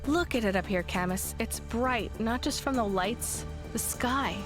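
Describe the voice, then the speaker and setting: Wry young woman courier, actress voicing, dry humor, slightly high, music behind. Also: a little slow, close to an everyday voice. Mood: wistful. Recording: game dialogue over music.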